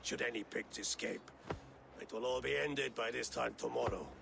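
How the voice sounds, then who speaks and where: A man's voice: medium pitch, normal speed, background noise. An actor playing an aged, proud Norse jarl who commands his warriors, in a game. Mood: commanding. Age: older. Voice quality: gravelly.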